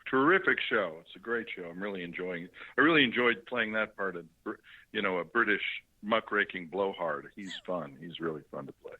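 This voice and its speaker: Middle-aged man calling in over a dull, muffled phone line. His voice sits on the low side. He talks in a chatty, halting way, filling pauses with ums and restarts. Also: animated. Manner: chatty, halting, with many fillers. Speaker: actor guest. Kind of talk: phone interview on a radio show.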